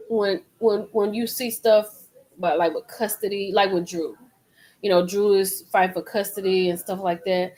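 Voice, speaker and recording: A woman's voice: medium pitch, low-quality recording. A middle-aged woman hosting a live stream, rambling in casual chat and repeating herself as she talks straight to her viewers.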